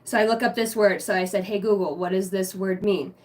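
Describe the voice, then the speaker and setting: A young woman running a casual livestream chat, excitable and swearing freely, dropping low and hushed when she prays. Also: a little fast. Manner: excitable, swearing, bursts of loud laughter. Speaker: spiritual reader streaming live.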